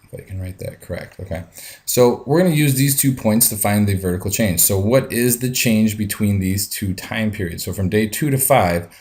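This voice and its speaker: A man with a deep, low voice teaches a math lesson over a screencast. He talks each step through out loud in a plain classroom manner, dropping frequent ums along the way. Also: moderate pace.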